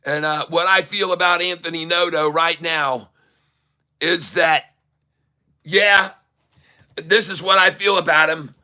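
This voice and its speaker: A man from Ireland hosting a stock market show, ranting furiously and profanely, repeating himself and sometimes shouting. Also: fairly high pitch, takes it slowly, pauses often. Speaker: stock market video host. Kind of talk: angry ranting market commentary. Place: Dublin, Ireland.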